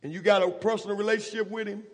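A man preaching a sermon in a church, impassioned and rising to shouts. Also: sits high, steady tone, racing. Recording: long reverb of a church hall.

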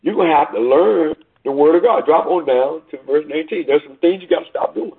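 A man's voice: on the high side, brisk. A man preaching a sermon, reading scripture aloud in old-fashioned wording and throwing rhetorical questions at the listeners. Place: church service heard over a call. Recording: tinny phone line.

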